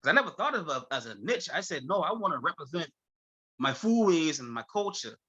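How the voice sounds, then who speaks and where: A man's voice: fairly high pitch, brisk, breathy edge, lo-fi sound. A man from Charleston with a Gullah Geechee-influenced accent, telling stories in an easygoing interview and laughing often. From Charleston, South Carolina. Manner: animated, laughs often, mimics friends in quotes. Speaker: chef, guest. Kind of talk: casual conversational storytelling.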